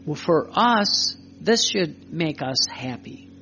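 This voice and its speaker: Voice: mid-range voice, expressive, slow pace, vocal fry, bright, forceful tone, highs cut off, slight background noise. A preacher giving emphatic spoken religious teaching, repeating phrases and asking rhetorical questions.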